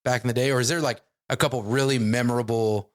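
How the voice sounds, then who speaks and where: A man's voice: medium pitch, steady tone, fast talker. A man co-hosting a podcast, asking questions casually with an easy chuckle. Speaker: podcast co-host. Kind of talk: casual chat.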